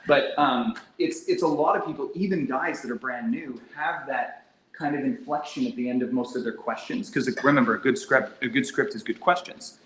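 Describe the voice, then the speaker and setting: A man running a casual sales training session, energetic and quick to demonstrate phone scripts in an exaggerated tone. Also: medium pitch. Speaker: real estate sales trainer. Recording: echoey room, faint background hum.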